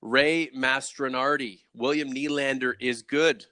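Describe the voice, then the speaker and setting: A man with a bright, forceful voice hosts a casual hockey talk with plenty of energy. He asks questions and reads out viewer comments, recorded dry and close. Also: medium pitch, fairly even intonation, measured pace, no echo. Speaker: host.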